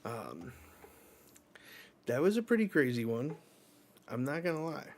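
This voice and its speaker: A man's voice: mid-range voice, sing-song, measured pace, slight background noise. A man live-reading and reacting to a manga chapter in a casual, rambling way. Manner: casual, rambling, with filler words.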